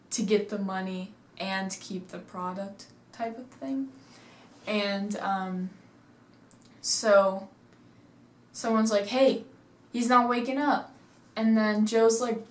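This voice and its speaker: A woman's voice: medium pitch, steady tone, takes it slowly, long pauses. A woman casually reviewing a movie, rambling through the story with lots of "like," sitting at home. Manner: chatty, rambling retelling full of "like". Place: indoors at home, seated. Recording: echoey room.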